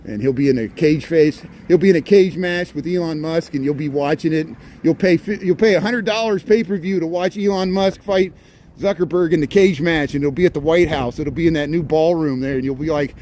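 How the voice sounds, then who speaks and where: A man's voice: a little high, a little fast, mellow. A man hosting a rambling livestream walking tour outdoors on city streets, chatting sarcastically in a stream-of-consciousness way. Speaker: livestream host. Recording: faint street noise.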